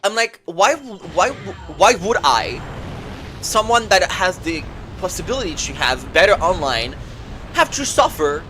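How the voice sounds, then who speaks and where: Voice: mid-range voice, bright, forceful tone, slight background noise. A streamer on a livestream, ranting heatedly and with plenty of swearing, rambling through fillers and restarts and mocking others with sarcastic quotes. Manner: heated, profane, indignant ranting. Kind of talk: livestream rant about competitive gaming.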